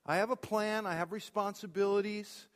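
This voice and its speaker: Casting note: middle-aged male pastor, high voice, emphatic preaching, long hall reverb. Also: fairly even intonation, moderate pace. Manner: emphatic preacher, swings between loud declarations and quiet asides. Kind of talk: sermon. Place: church sanctuary.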